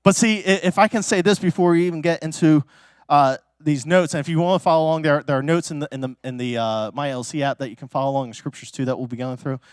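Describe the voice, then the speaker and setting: A high-pitched man preaching as a pastor, telling stories in a loose, chatty way with plenty of fillers. He breaks into sudden loud, excited exclamations. The recording is dry and close, with no room echo. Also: fast talker, clean tone. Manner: casual and chatty, many fillers like "like" and "you know". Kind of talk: sermon with personal storytelling.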